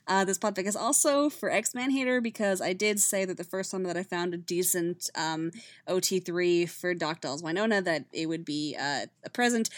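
A woman reading fan fiction aloud as a podfic, with soft, steady storytelling. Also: on the low side, normal speed, no echo, clean studio sound. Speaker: podfic reader.

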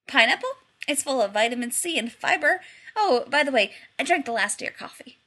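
A woman's voice: high voice, lively intonation, fairly quick, sharp tone, voice pushed up, full character voice. Woman doing a cheeky, breezy young man. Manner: upbeat and teasing. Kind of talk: audiobook character reading.

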